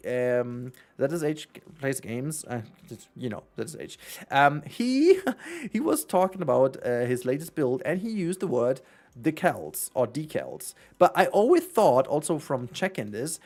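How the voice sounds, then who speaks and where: Rambling German streamer chatting while playing. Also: male voice, mid-range voice, a little mellow. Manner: rambling, chatty, self-correcting, laughs often. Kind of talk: casual livestream gaming chat.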